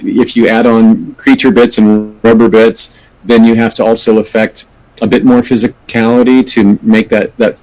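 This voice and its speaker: A man's voice: fairly low pitch, a little mellow, low-quality recording. A middle-aged man, an actor, giving thoughtful, earnest answers in an interview and often restarting his sentences. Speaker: actor, podcast guest.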